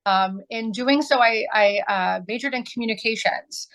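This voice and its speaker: A woman's voice: on the high side, normal speed, a bit bright, poor audio. A woman in her forties from southern Illinois, answering interview questions earnestly as an arts nonprofit director, with many ums.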